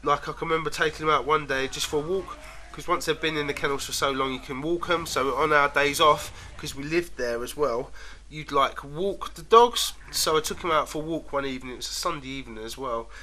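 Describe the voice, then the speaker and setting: Guy rambling through a story, bright sharp voice, bit high, keeps laughing. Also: fairly quick. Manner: rambling, laughs often, trails off. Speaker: vlogger. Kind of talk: casual storytelling.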